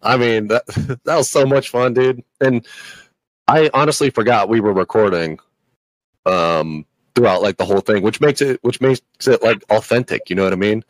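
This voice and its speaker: A man's voice: fairly low pitch, normal speed, no room sound, rough recording. A man co-hosting a podcast, talking in a laid-back casual way, full of "dude" and "bro". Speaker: podcast co-host. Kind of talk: casual chat.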